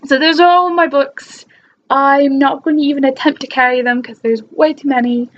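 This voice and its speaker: High-voiced woman faking a British accent. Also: steady tone, normal speed, lo-fi sound. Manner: talking in an imitated British accent; chatty and enthusiastic, with frequent restarts. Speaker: book vlogger. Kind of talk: casual vlog chat.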